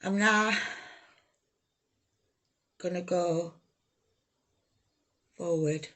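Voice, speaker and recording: A woman telling her own life story, halting, raw and emotional, swearing freely. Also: lowish voice, a bit bright. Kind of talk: personal life story told to camera.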